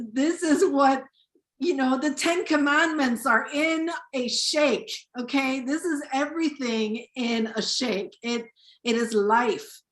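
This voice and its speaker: A woman's voice: fairly high pitch, echoey room. A woman in her forties giving an earnest, emphatic testimonial over a video call, often repeating herself for emphasis. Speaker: community member sharing a testimonial.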